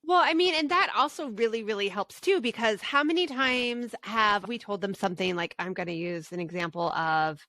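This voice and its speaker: A woman co-hosting a parenting podcast, telling stories in an animated, self-mocking way. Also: medium pitch, moderate pace, few pauses, no room sound. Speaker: podcast co-host. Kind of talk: casual podcast storytelling.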